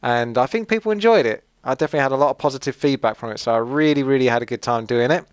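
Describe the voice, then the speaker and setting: Rambling man from Essex, smooth dry voice. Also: mid-range voice, very fast, dry recording. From Essex, England. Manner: rambling and friendly, many fillers and asides. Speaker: channel host answering viewer questions. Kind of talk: casual chat.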